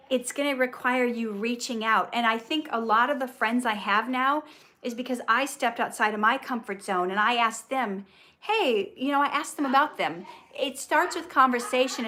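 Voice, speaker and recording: A woman with a slightly high voice gives casual life advice to her viewers. She talks earnestly and often stops to restart a phrase partway through. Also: fairly bright tone. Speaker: vlogger giving life advice.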